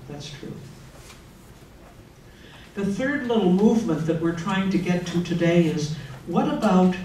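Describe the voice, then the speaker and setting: Older nun speaking from far back. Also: female voice, on the low side, animated, unhurried, pauses often, mellow, slight background noise. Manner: earnest, personal, conversational. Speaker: religious sister giving a retreat talk. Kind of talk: retreat talk. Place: retreat hall. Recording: echoey room, mic far off.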